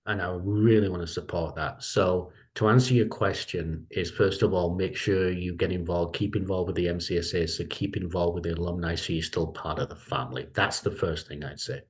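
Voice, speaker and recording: A man's voice: deep voice, fairly even intonation, fairly quick, hardly any pauses. A middle-aged man, a lecturer, talking casually in an online meeting, rambling and repeating himself as he gives advice.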